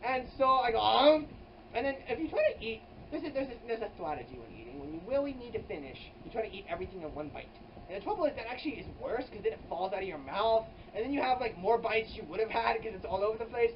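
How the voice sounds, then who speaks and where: Rambling comic storyteller, distant dull camera audio. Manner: rambling, filler-heavy, with frequent "like" and restarts; exaggerated, sudden jumps in pitch and loudness. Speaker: comedy vlogger. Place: hot indoor room with an air conditioner running. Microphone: camera mic at some distance. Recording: distant, dull camera audio with faint air-conditioner hum.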